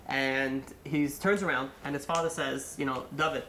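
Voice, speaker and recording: A man, a rabbi, telling a long story in a sermon, animated and full of fillers, acting out the people in it. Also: medium pitch, normal speed, echoey room, slight background noise. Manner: animated, acts out quotes, many fillers.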